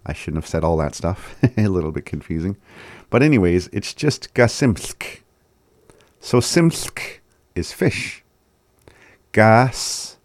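A man with a very low voice gives a relaxed language lesson, breaking words into syllables and repeating them unhurriedly. He chuckles at himself often, and the recording is close and dry. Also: dry recording. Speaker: language teacher.

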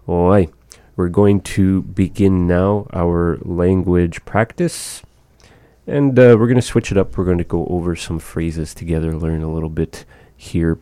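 A man teaching a language lesson, repeating each phrase slowly and carefully for learners. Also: low voice, steady tone, warm tone, no echo.

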